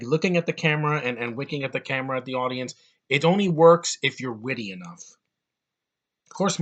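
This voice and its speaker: Young male reviewer, mid-range voice, casual ranting delivery, blunt and profane. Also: mid-range voice. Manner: blunt, ranting, swears freely, repeats words when excited. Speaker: movie reviewer. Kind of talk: casual opinionated movie review.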